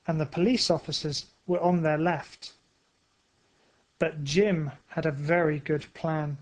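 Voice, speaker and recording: Slow, careful high-voiced male narrator. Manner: careful, evenly spaced phrasing. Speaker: story narrator. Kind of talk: slow graded-reader narration for English learners.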